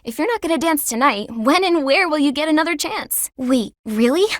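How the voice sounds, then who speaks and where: An earnest young game heroine who throws herself into everything and giggles when flustered. Her voice sits high and light. The studio recording is dry and close. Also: lively intonation, no echo. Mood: friendly. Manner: eager, earnest and quick to giggle. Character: eager earnest young woman student, hardworking and shy. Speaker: video game character. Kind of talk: video game voice acting.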